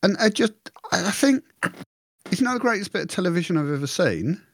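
A man's voice: sits high, sing-song, brisk, a little hiss or hum. A man co-hosting a podcast in casual chat, rambling and self-mocking, acting out his own thoughts in quoted asides. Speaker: podcast co-host.

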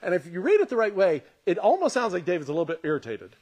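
Guy preaching on a podcast, chatty and emphatic, voice on the higher side, swings up and down a lot. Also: huge pitch swings, fast, a little mellow. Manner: conversational, emphatic, laughs often. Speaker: pastor. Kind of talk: podcast sermon.

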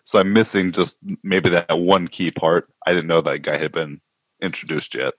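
Deep-voiced man thinking aloud on a podcast. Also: fairly even intonation, normal speed, no room sound. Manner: thinks aloud with restarts and questions. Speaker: podcast co-host. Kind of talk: casual chat reviewing comics. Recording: dull lo-fi podcast audio.

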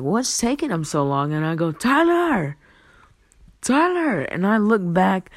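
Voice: medium pitch, dry recording. A young adult telling a rambling, profane story. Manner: rambling, profane, laughs often, swings from hushed to loud. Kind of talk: casual storytelling.

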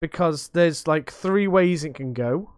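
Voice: mid-range voice, unhurried, darkish tone, smooth, no room sound, clean studio sound. A young adult podcast host chatting casually, rambling and swearing freely with a self-mocking streak.

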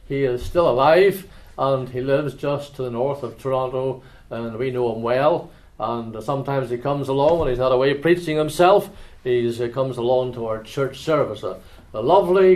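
A man with an Ulster accent preaching in a church, chatting with anecdotes and then reading scripture in a measured, solemn way. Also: mid-range voice, a little mellow. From Northern Ireland.

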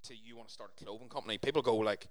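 A man co-hosting a casual podcast chat, animated and reflective, swearing casually as he makes his points. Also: fairly low pitch, racing. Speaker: podcast co-host, former firefighter.

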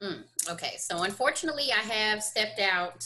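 A woman's voice: medium pitch, lively intonation, normal speed, bright, forceful tone, a little hiss or hum. A woman in casual chat who talks bluntly and jokes with plenty of swearing.

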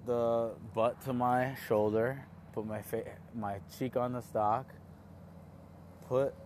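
A young man casually telling a story, rambling and excitable, with many restarts and fillers. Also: mid-range voice, a little hiss or hum.

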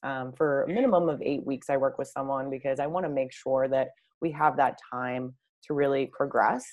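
A woman's voice: extremely low pitch, moderate pace, a little mellow, lo-fi sound. A woman who works as a life coach, speaking as a guest in a casual podcast interview, friendly and talkative with frequent fillers.

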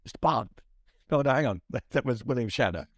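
A man's voice: medium pitch, expressive, fast, no echo, clean studio sound. A man co-hosting a casual podcast, joking and laughing at himself. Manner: jokey, giggly, self-deprecating. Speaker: podcast co-host. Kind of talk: casual chat.

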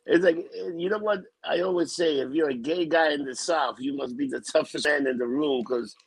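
A man co-hosting a podcast, chatting emphatically and repeating himself, with a gravelly, husky voice. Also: fairly high pitch, steady tone, moderate pace, no room sound. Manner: emphatic, repeats himself, says dude a lot. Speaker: podcast co-host. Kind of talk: casual banter.

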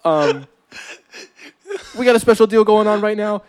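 A man voicing an overeager male gasoline salesman who pitches gas at the pump, in a comedy podcast bit. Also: clear, resonant tone. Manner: zealous, pitchy sales patter.

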